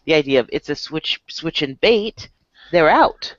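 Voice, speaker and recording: Woman, podcast co-host; lively pitch, blunt and exasperated, dull dry audio. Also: unhurried, dry recording. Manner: blunt, exasperated, swears freely. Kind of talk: casual chat.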